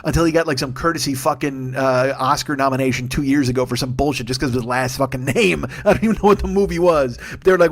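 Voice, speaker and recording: A man's voice: fairly high pitch, fast, few pauses. A man, hosting a solo comedy podcast and ranting profanely and with exasperation, slipping into mocking impressions. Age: 40s. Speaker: podcast host.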